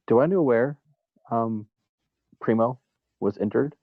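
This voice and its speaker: A man's voice: mid-range voice, unhurried, no echo, phone-quality sound. A man playing in a tabletop game who describes his character's actions hesitantly, with many restarts. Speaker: player.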